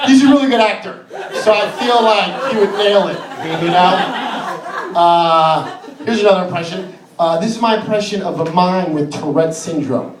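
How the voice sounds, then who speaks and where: A man's voice: high-pitched, normal speed. A man doing a stand-up set, telling a story in a rambling way with lots of "uh" fillers. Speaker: stand-up comedian. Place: comedy club stage before a laughing audience. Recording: roomy, distant live club recording with crowd.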